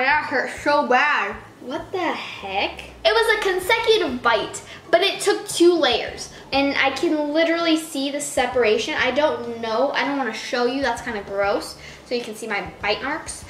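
Talking to the camera with lively intonation at a moderate pace, a vlogger with a high, fairly bright voice rambles her way through a casual food tasting and jokes at her own expense. The room sounds echoey, with faint noise.

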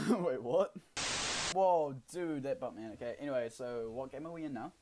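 A man's voice: medium pitch, moderate pace, noisy background. A man chatting casually while playing a game with friends, laughing often, swearing, and sounding flustered. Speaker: gamer, channel owner. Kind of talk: casual gaming chat.

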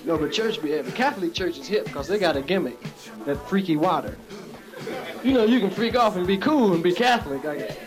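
A high-pitched man working a stand-up comedy set. He talks loose and profane and keeps slipping into voices for the people in his jokes. Music plays clearly under the recording. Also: animated, brisk, crowd noise, poor audio.

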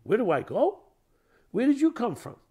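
Ageless electricity, indignant and proud, as a man puts it on, scolds a small appliance in an incredulous, lecturing tone. The voice climbs well above his usual pitch and pushes louder. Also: very animated, normal speed, husky, exaggerated voice.

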